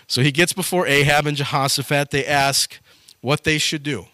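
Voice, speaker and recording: A male preacher retells a scripture story in a casual, slangy sermon. His voice is forceful and sits a bit high. The sound is dry and close. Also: fairly even intonation, normal speed, no room sound.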